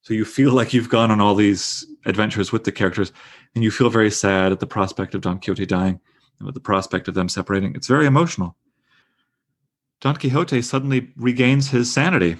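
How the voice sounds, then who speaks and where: Man lecturing to a class, lowish voice, enthusiastic, conversational. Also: a little fast. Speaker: teacher leading a literature class. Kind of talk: lecture and discussion.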